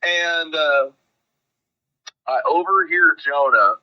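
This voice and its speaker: A man's voice: fairly high pitch, slow. A man telling a rambling, profane road story as a guest in a casual podcast chat. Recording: dull lo-fi sound.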